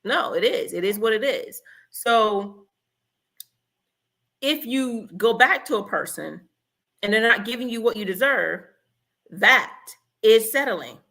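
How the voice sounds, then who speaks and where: A woman's voice: on the high side, expressive, takes it slowly, pauses often, bright, forceful tone. A woman hosting a relationship advice talk, blunt and emphatic, acting out little example conversations. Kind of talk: direct-to-camera advice talk.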